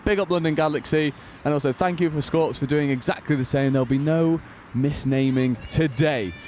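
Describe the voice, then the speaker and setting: Man, live sports commentator, energetic play calling, slightly high voice, faint background noise. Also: moderate pace.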